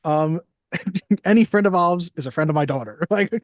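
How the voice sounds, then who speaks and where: A man's voice: a little high, normal speed, no room sound, clean studio sound. A man co-hosting a film podcast, chatting casually with a wry, joking manner. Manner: wry, jokey, quotes lines in little voices. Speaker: podcast co-host. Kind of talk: casual chat.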